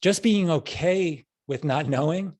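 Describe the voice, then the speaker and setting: A man's voice: on the high side, measured pace, darkish tone. Middle-aged man with a New York accent, a loose, chatty interview guest who keeps circling back. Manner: rambling storyteller, frequent restarts. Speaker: podcast guest. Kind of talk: casual interview.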